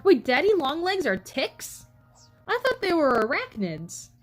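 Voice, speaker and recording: A woman's voice: high-pitched, huge pitch swings, measured pace, soft background music, poor audio. A young woman chatting casually on a live stream, telling rambling stories full of "like" and "um" and greeting viewers. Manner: chatty storytelling, frequent "like" and "um" fillers.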